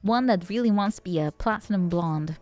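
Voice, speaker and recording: A woman's voice: medium pitch, a little fast, darkish tone, faint music behind. A woman streamer chatting casually, rambling and joking and often breaking into laughter. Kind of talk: casual chat.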